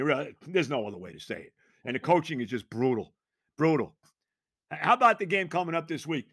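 A man with a high, bright voice rants through a sports talk monologue, exasperated and sarcastic. He fires off one rhetorical question after another. The sound is dry and close. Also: no room sound. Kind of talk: ranting sports commentary monologue.

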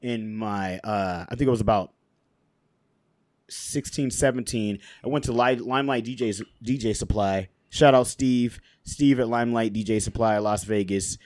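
A man's voice: on the low side, moderate pace, darkish tone, no echo. Laid-back man telling stories, dry sound. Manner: laughs often, loose with lots of "you know" and "like". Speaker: podcast guest, DJ. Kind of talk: casual storytelling interview.

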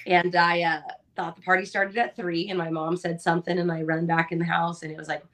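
Candid, animated mother of four. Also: on the low side, brisk. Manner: candid, animated storytelling with mild swearing. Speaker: podcast co-host. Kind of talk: casual chat.

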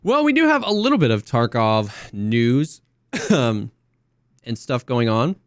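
A man co-hosting a podcast, talking in a relaxed, rambling way with lots of restarts and fillers. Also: mid-range voice, unhurried, no echo, clean studio sound. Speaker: podcast co-host. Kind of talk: casual chat.

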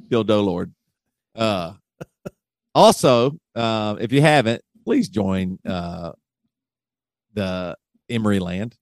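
A male podcast host talks in loose, jokey banter and keeps breaking into laughter. His voice sits fairly low. He is recorded close and dry, with no room sound. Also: slow pace, pauses often, dry recording. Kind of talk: casual podcast chat.

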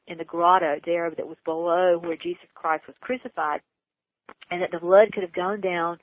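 A woman earnestly telling a personal story in an interview, her voice leaping high when she gets excited. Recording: tinny phone line, dry.

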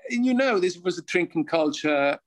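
A man's voice: sits high, animated, normal speed, low-quality recording. A Swiss-accented man in his fifties, a former footballer telling stories as an interview guest, chuckling and restarting his sentences. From Switzerland. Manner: chuckles often, rambling restarts. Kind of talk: casual storytelling.

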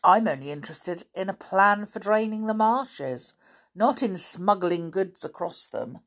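A woman's voice: mid-range voice, expressive, a little slow, pitched above the performer's own voice. A woman voicing a stern, scornful middle-aged male scientist held captive.

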